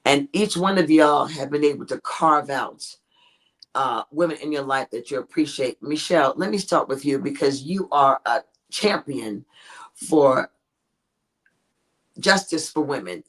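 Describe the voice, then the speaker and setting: A woman's voice: low voice, expressive, a little slow, fairly bright tone. A woman hosting a podcast over a video call, talking frankly and rambling with plenty of fillers. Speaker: podcast host. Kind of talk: casual chat.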